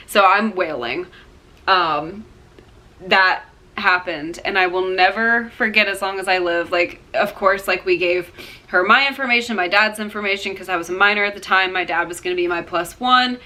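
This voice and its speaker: A woman's voice: medium pitch, normal speed, sharp tone. A young woman vlogger telling a personal story to camera in a rambling, heartfelt way, full of fillers and acted-out quotes.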